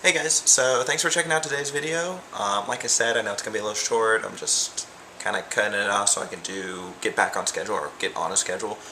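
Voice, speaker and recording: A man's voice: fairly low pitch, fast talker, sharp tone, a little hiss or hum. A young man vlogging about his college life in a casual, rambling way, full of "like" and "um". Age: young adult. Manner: rambling, loose, peppered with "like" and "um". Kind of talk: casual vlog chat.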